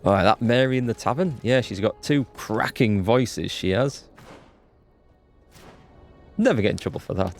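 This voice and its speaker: A man hosting a live game playthrough, chatty and excitable, greeting viewers in chat. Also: lowish voice, moderate pace, vocal fry, pauses often. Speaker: let's play host. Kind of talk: live gameplay commentary. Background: faint game music.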